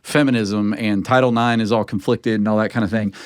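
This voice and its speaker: A pastor in a casual podcast conversation, talking earnestly and with emphatic, preaching-style rhythm. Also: male voice, fairly low pitch, steady tone, brisk, clean tone, no echo, clean studio sound.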